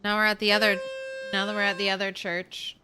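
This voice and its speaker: A woman's voice: medium pitch, little pitch movement, fairly quick, music in the background. A woman streamer chatting casually with viewers while she plays, greeting people by name and talking through her progress. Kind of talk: casual live-stream chat while gaming.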